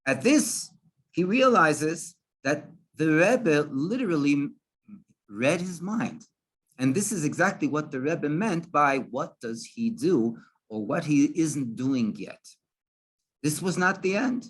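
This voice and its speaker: A man, a rabbi, telling a story in a halting way, with many restarts and fillers. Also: fairly high pitch, lively intonation, husky. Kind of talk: storytelling talk.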